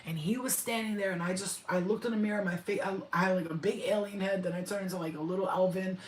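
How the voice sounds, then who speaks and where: A woman chatting casually on a spiritual livestream, excitable and slangy, swearing freely. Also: medium pitch, fast talker, echoey room, a little hiss or hum, poor audio.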